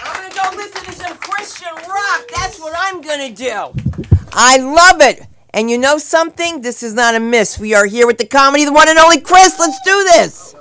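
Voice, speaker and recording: A woman hosting an open mic, hyping up the next comic with rising excitement. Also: high voice, moderate pace, a little hiss or hum. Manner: hyped, rising announcer energy. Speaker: host. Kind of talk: introducing the next act.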